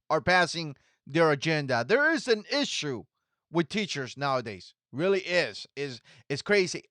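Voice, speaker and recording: A man in his forties hosts a reaction video with an indignant, repetitive manner. His pitch swings up and down a lot as he talks. The voice sounds dry and close, with almost no room sound. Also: a bit bright, no room sound. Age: 40s. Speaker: commentary channel host. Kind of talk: reaction commentary.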